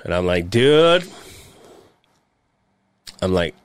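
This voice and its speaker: A man's voice: lowish voice, animated, moderate pace. Rambling, foul-mouthed man telling stories. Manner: rambling storyteller, swears a lot, frequent fillers and laughs. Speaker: podcast co-host; heavy equipment operator. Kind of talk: casual chat.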